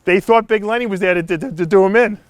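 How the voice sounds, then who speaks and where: A man hosting a podcast, telling a story in casual, animated chat outdoors, swearing freely and laughing. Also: high-pitched, fast talker. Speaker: podcast host. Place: outdoors by a house in the sun.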